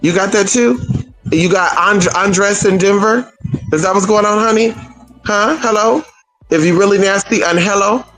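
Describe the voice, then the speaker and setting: A man's voice: normal speed, a bit bright, faint music behind, rough recording. A man hosting a livestream, chatting casually and telling gossipy stories in a sassy way, calling his listeners girl and honey. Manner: sassy, gossipy, swooping pitch. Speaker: livestream host. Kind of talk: casual chat storytelling.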